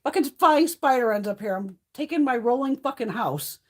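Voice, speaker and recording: A middle-aged woman runs a beauty livestream, chatting with viewers and laughing and swearing through her stories. Her fairly high voice has lively intonation and a moderate pace.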